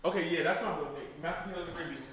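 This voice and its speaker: A man's voice: a little high, rapid-fire, echoey room, background noise. A man chatting playfully and sassily in a casual eating vlog. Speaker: vlogger.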